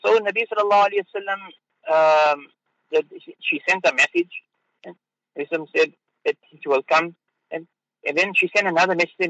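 A fairly high-voiced man delivers an unscripted religious talk, pausing often and repeating words as he gathers his thoughts. He sounds close to the mic in a dry studio, and the broadcast is a little dull and lo-fi. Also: bright, forceful tone, no echo. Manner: halting, with fillers and repeated words. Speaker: mufti giving a religious talk.

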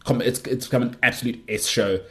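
A man's voice: mid-range voice, fairly even intonation, fairly quick. A man hosting his own show, delivering an emphatic, scornful sports rant full of repetition. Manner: emphatic, scornful, repeats himself. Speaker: show host.

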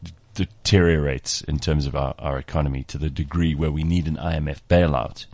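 A man's voice: very deep voice, steady tone, brisk, darkish tone, no room sound. A man hosting a casual radio talk, conversational and asking short questions.

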